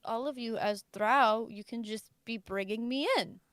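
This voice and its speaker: A woman's voice: a little high, unhurried, a bit bright, no room sound. A woman playing a tabletop game, eagerly laying out plans. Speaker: player.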